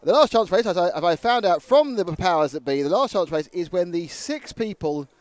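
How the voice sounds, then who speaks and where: Lively, joking male race commentator. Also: sits high, a little fast, dry recording. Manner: jokey, chatty, lively. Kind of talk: live broadcast banter.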